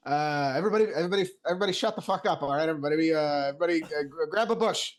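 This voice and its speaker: A man's voice: a little high, very fast. A man playing his tabletop character, casual and leaderly, swearing freely. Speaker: player.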